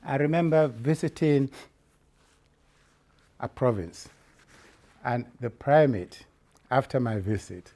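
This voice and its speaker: Man, church leader, spoken report, slow and halting, frequent restarts, mellow tone. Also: mid-range voice, lively intonation. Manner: halting, with many repeated restarts.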